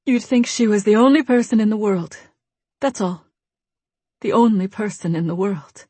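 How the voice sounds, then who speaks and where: A woman voicing a woman answering questions with earnest insistence, in a husky voice. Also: medium pitch, moderate pace, mellow, no room sound, pitched above the performer's own voice, close to an everyday voice.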